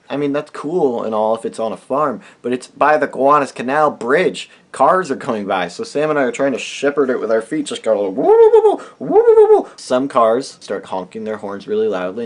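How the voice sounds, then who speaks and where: Animated young man telling a story. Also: medium pitch, fairly quick, hardly any pauses. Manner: animated, bursts into loud silly animal noises. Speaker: vlogger. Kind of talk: comic storytelling vlog.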